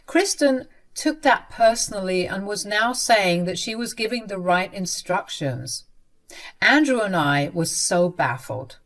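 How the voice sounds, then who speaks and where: A woman's voice: medium pitch, animated, unhurried, fairly bright tone. A woman narrating a first-person story in a subdued, earnest way.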